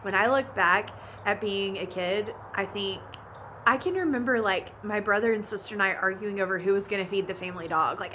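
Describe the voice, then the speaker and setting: A woman's voice: mid-range voice, brisk, pushed and bright, slight background noise. A woman, chatting casually about family life and laughing often. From Oklahoma. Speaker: vlogger and ranch mom. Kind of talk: casual chat.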